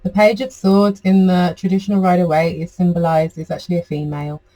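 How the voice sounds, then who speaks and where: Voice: mid-range voice, little pitch movement, brisk, dark tone, rough recording. A tarot reader giving a casual, chatty reading to camera, rambling with many fillers.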